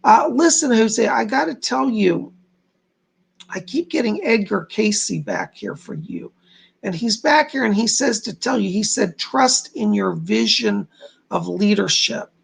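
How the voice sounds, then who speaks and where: Male psychic medium hosting a live stream, informal delivery, gravelly and husky, lively pitch. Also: a little slow. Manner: reads viewer comments aloud and relays spirit messages; informal, repeats "I gotta tell you".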